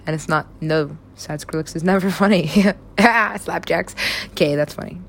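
A woman's voice: lowish voice, moderate pace, creaky, a little hiss or hum. A young woman chatting casually and rambling about stories she has written, laughing often and swearing freely. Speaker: writer describing her own stories.

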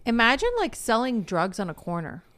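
Smooth-voiced, frank woman co-host. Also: fairly high pitch, lively intonation, a bit bright. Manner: frank, quick to laugh, profane. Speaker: co-host, former nurse. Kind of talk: casual chat.

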